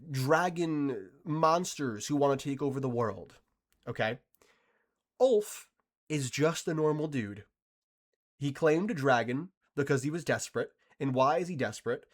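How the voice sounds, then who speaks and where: Animated, emphatic male commentator. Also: a little high. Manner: animated, emphatic, frequent restarts and sarcastic mock quotes. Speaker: video commentator. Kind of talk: casual opinionated commentary.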